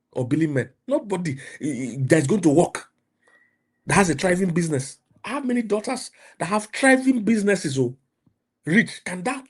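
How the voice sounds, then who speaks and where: A middle-aged Nigerian man with a Nigerian accent, preaching and mentoring emphatically, repeating himself and rising to loud outbursts. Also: fairly high pitch, slightly rough. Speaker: pastor and mentor. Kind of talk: motivational preaching.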